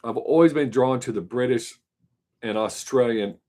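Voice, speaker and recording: A man's voice: mid-range voice, normal speed, darkish tone. Man musing on a live stream. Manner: musing, rambling, joking. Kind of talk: casual chat with viewers.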